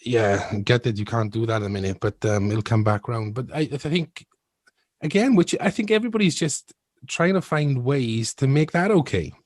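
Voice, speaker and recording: A man's voice: medium pitch, expressive, moderate pace, no echo, studio quality. A man hosting a podcast in casual chat, musing at length and laughing often. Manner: thoughtful, rambling, often laughs. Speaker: podcast host.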